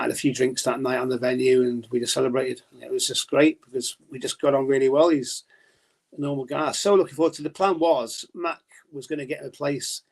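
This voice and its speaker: A man's voice: mid-range voice, gravelly. A man as a podcast guest in casual chat, telling stories chattily, swearing and laughing often.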